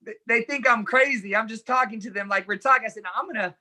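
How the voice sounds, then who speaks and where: Earnest man with a bright voice. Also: extremely high pitch, fast. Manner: earnest, animated retelling with quoted dialogue. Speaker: interview guest. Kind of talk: personal storytelling in conversation.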